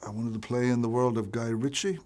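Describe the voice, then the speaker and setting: A man from Ireland, an actor being interviewed, telling stories in an animated way, restarting and repeating his words. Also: mid-range voice, fairly quick. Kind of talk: casual interview chat.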